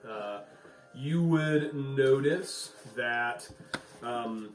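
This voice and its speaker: A man's voice: medium pitch, drawn-out words, faint music behind. Male game master, rambling narration, echoey far-off recording. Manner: loose, filler-heavy narration. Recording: echoey room, mic far off.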